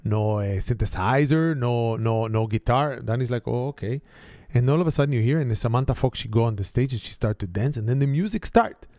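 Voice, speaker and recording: A man with an Israeli accent spins an animated family story, his grammar simple and a little broken. His voice is warm and mellow. It is recorded close and dry, with no room sound. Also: mid-range voice, brisk, few pauses, no echo.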